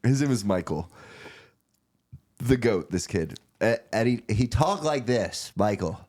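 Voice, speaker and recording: Young man, somewhat low voice, rambling joking stories, casual podcast guest. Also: animated, unhurried, a little mellow.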